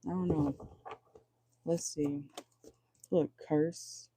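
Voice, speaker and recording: A man's voice: a little high, fairly even intonation, very slow, dark tone, husky. A man doing a casual livestream tarot reading, chatty and joking, talking straight to his viewers and swearing freely. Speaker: tarot reader.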